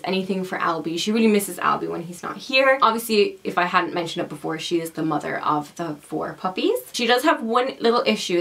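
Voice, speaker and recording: A woman's voice: fairly low pitch, fairly bright tone. A young adult woman vlogging, chatting casually to camera in an affectionate way and laughing often.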